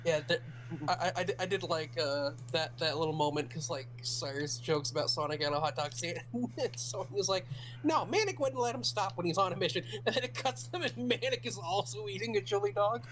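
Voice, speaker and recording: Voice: mid-range voice, brisk, a little hiss or hum. A podcast co-host, chatting casually, stammering a bit and laughing while recounting. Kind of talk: casual chat.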